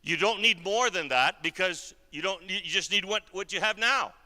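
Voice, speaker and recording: A man preaching a sermon as a guest speaker, telling a story and swinging between hushed and emphatic delivery. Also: high voice, moderate pace. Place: church hall. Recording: long reverb of a large church hall.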